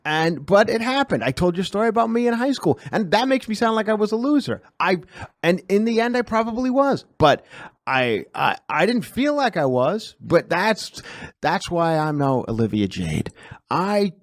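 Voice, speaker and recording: A man's voice: high-pitched, very animated, moderate pace, no room sound, clean studio sound. Rambling self-deprecating male podcast host. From Long Island, New York. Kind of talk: casual podcast chat.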